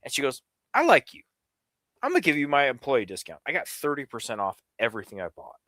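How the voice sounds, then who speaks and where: There's no echo on this quick, medium-pitched voice of a middle-aged New York-area man. Rambling and animated, he swears liberally while telling a long story during a casual livestream.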